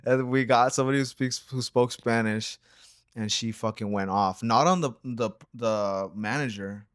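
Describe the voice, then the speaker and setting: A man's voice: mid-range voice, normal speed, smooth, no echo, studio quality. A young man co-hosting a reaction channel, telling a story in a laid-back, rambling way full of slang and fillers. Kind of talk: casual storytelling chat.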